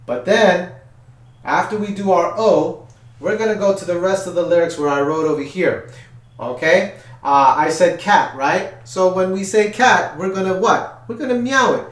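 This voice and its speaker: A man's voice: high-pitched, unhurried, distant mic. A man teaching a music class for young children, counting in, chanting and coaxing the kids to join. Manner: upbeat, coaxing, counts in and chants call-and-response. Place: room with chalkboards. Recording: echoey room.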